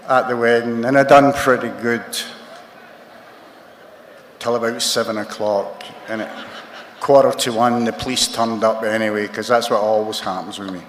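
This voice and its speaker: A Scottish man in his sixties, a recovery meeting speaker telling a wry, self-mocking story to a crowd in a large hall. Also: medium pitch. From Scotland. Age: 60s. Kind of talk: comic storytelling talk to a crowd. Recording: echoey hall, faint noise.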